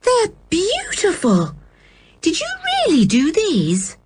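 A woman voicing an excitable, easily indignant young girl in a storybook reading. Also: unhurried, husky, exaggerated voice. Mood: excited. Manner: gushing, high-pitched.

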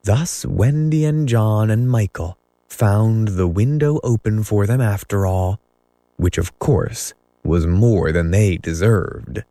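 A man narrates a classic storybook at an unhurried pace, his voice low and mellow. Recorded dry and close. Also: no echo. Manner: measured storytelling. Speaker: audiobook narrator. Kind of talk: scripted narration.

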